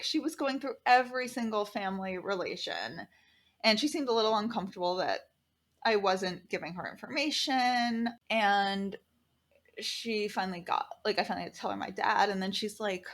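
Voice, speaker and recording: A woman guest on a podcast, telling a story in a casual, animated way, acting out the people she quotes and swearing freely. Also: medium pitch, moderate pace.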